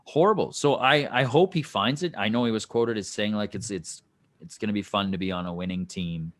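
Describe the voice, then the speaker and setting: A man's voice: fairly low pitch, fairly quick, fairly bright tone. A man co-hosting a casual sports podcast, rambling through his points with restarts and light jokes. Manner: rambling, full of fillers and restarts, joking. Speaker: podcast co-host.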